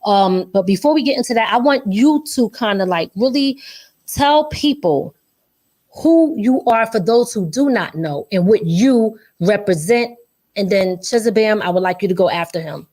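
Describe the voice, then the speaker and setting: A woman's voice: mid-range voice, lively intonation, moderate pace, a little mellow. A woman hosting a live online interview show, chatty and upbeat, speaking African American English with loose slang. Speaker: show host.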